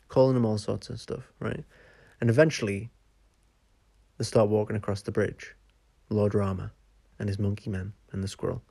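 A man's voice: medium pitch, gravelly, mellow, no echo. A man hosting a podcast, telling a story in a chatty, sweary way. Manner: chatty, sweary, says "right?" often. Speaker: podcast host. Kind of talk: casual storytelling.

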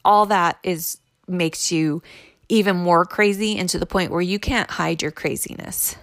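Her voice fairly low and unhurried, a middle-aged woman casually shares the story of her ex-husband's affairs with exasperated candor, voicing the remarks people made to her. There is no room sound.

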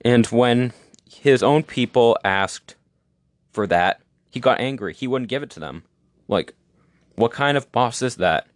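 A man's voice: medium pitch, lively intonation, measured pace, long pauses, dry recording, studio quality. A young man hosting his own show, giving opinions in a rambling, casual monologue. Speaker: podcast host.

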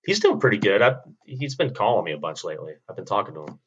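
A man's voice: on the low side, sing-song, fast talker, breathy edge, muffled recording. A man co-hosting a podcast, chatting in a laid-back way with crude jokes. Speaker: podcast co-host. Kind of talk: casual chat.

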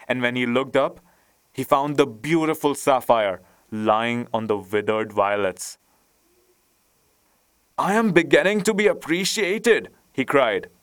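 A man reading a fairy tale aloud in a gentle, measured way. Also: mid-range voice, clear, resonant tone, no room sound. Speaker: narrator. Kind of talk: storybook reading.

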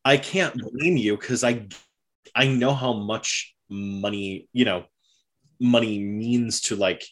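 Chatty man with a low voice. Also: slow. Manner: animated storyteller, many fillers, acts out characters' lines. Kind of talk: casual chat recapping a period drama.

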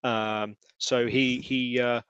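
A man's voice: medium pitch, little pitch movement, slow, fairly bright tone, clear, resonant tone, no echo, lo-fi sound. Guy running a tabletop game, lots of ums, dry close sound. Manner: hesitant, filler-heavy narration. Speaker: game master.

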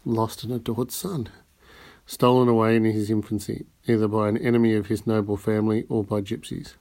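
A man's voice: on the low side, flat delivery, a little fast, warm tone, close to an everyday voice. A man reading the lines of a composed, courteous rich nobleman in an audiobook.

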